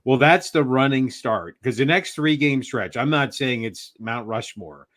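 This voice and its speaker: A middle-aged man co-hosts a sports talk show and explains his analysis in a measured, step-by-step way. He often fills his sentences with "you know" and "right". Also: medium pitch, lively intonation, a bit bright. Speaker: co-host, the host's father.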